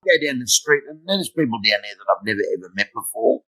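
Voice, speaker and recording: A man's voice: medium pitch, sing-song, quick pace, pushed and bright, rough recording. Aussie guy telling stories in an interview, blunt and funny, swears a lot, middle-aged. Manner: blunt, swearing, humorous storyteller. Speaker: guest, motivational speaker. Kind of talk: storytelling interview.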